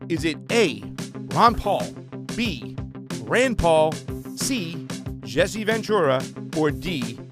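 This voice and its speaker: Chatty high-voiced man hosting trivia. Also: big pitch swings, slow pace, long pauses, over music. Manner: loose, chatty, frequent fillers and restarts. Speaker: trivia game host. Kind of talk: casual livestream trivia hosting.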